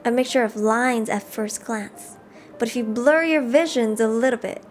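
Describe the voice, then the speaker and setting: A woman live-streaming a game, reading the story text aloud and chatting with viewers in an animated way. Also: on the high side, moderate pace, soft background music. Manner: animated, chatty, reads narration aloud between chat replies.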